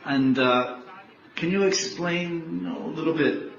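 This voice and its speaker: A man's voice: medium pitch, unhurried, slight background noise, natural voice. A man voicing a shy, coaxing goddess wife. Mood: hushed. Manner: soft, hesitant, teasing questions. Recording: echoey, dull room recording.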